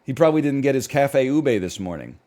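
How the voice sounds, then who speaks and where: A man's voice: mid-range voice, expressive, brisk, darkish tone. A streamer from Canada in his thirties, talking in loose, sarcastic rants with bursts of mock outrage. His voice sits in a middle range for a man. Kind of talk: casual ranting chat.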